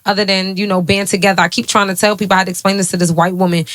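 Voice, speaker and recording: A woman co-hosting a podcast in casual chat, earnest and measured, agreeing warmly with her co-host. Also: medium pitch, level tone, dry recording.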